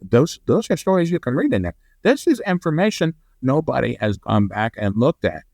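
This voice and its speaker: A man guest on a podcast, telling a rambling story and getting animated when he quotes others. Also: mid-range voice, moderate pace, vocal fry, no room sound. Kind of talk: conversational storytelling.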